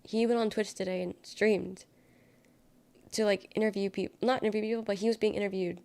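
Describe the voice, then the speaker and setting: Gravelly-voiced woman chatting on a livestream. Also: mid-range voice, steady tone, fairly quick, mellow. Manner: rambling, sarcastic, reacts to chat. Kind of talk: casual chat reading viewer comments.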